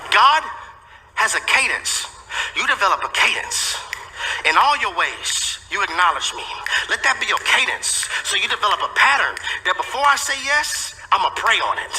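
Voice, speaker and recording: A man's voice: sits high, sharp tone. Emphatic preacher man in echoey sanctuary. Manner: emphatic preaching with repeated phrases. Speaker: pastor. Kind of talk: sermon. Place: church sanctuary. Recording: echoey sanctuary with long reverb.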